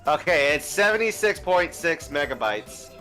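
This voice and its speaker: A man's voice: fairly high pitch, big pitch swings, moderate pace, bright, forceful tone, faint music behind. A man hosting a casual stream chat, rambling and restarting his sentences in an easygoing way. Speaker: streamer host.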